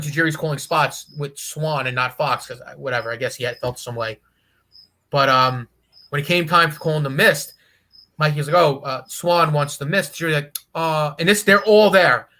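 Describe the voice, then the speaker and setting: Bright-voiced man telling a wild story. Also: on the high side, brisk. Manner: profane, animated, laughs while telling. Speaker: guest wrestler. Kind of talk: casual storytelling.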